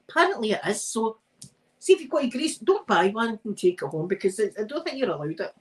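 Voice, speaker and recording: Chatty Scottish woman with a lively pitch. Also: quick pace, poor audio. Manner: chatty, laughing, rambling storyteller. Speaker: live streamer. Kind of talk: casual chat while ironing.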